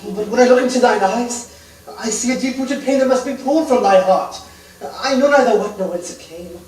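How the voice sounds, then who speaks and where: A man's voice: very high-pitched, brisk, darkish tone. A man playing an earnest medieval servant lost in modern times, speaking in formal, archaic, courtly tones on a theater stage, recorded from a distance. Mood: solemn. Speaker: stage actor. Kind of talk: live stage musical dialogue. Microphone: far room mic. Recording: echoey stage from far off.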